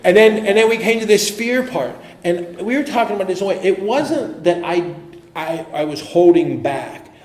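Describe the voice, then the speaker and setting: A man speaking as an AA speaker, telling his personal recovery story in an earnest, halting way with frequent restarts. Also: high-pitched, expressive, a little mellow. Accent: American. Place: meeting hall. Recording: echoey room with faint noise.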